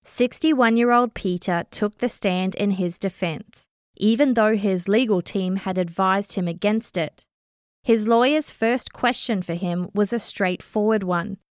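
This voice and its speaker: A woman narrating a true crime story in a measured, scripted storytelling delivery. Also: mid-range voice, dry recording, clean studio sound.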